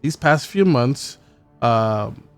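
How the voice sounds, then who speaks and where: A man's voice: medium pitch, lively intonation, smooth, faint music behind. Man reading game letters aloud. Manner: halting reading with stumbles and wry profane asides. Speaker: gameplay streamer.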